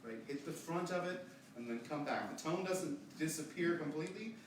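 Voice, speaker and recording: A man leading a choir rehearsal who gives brisk, quiet instructions, counts in and demonstrates phrases. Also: a little high, expressive, noisy background. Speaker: choir director. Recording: echoey room, far from the mic, choir and piano behind.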